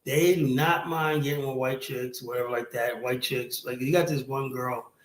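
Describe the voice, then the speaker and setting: A man hosting a stream, talking bluntly and profanely and rambling, with a steady stream of "you know". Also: medium pitch, moderate pace. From United States. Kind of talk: casual stream talk. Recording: roomy echoey sound.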